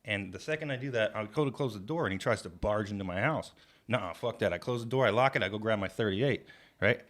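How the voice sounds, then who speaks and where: A man workshopping a stand-up story in a casual comedy writing session, animated and profane, shouting out the lines he quotes. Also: lowish voice, fast talker.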